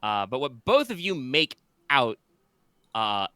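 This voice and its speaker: Bright, smooth-voiced game master. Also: male voice, medium pitch, sing-song, slow pace, dry recording. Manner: rambling, with many fillers and restarts. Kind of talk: narrating a tabletop game.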